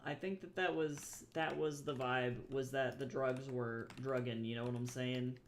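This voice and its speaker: A man's voice: medium pitch, a little hiss or hum. A man chatting casually while he draws on a livestream, rambling, swearing freely and making wry asides to his viewers. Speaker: comic artist streaming while drawing.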